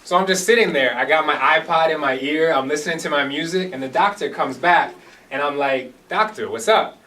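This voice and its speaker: A man's voice: fairly high pitch, brisk, sharp tone. A man performing an earnest first-person dramatic monologue after a hesitant introduction. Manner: earnest storytelling, hesitant fillers when introducing. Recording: distant microphone.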